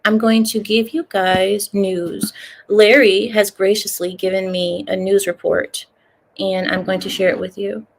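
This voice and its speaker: A woman hosts a casual livestream from home, talking straight to her viewers through a laptop mic. She rants in a chatty way, with a voice of middling pitch. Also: flat delivery, a little slow, creaky. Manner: ranting, chatty, talks to viewers. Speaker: livestream host.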